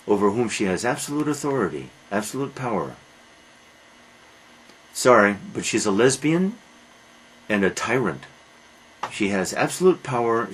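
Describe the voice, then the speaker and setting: A man giving a classroom literature lecture, halting with "uh" fillers and posing rhetorical questions he answers himself in a dry way. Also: medium pitch, low-quality recording. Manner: halting, with frequent "uh" fillers and restarts.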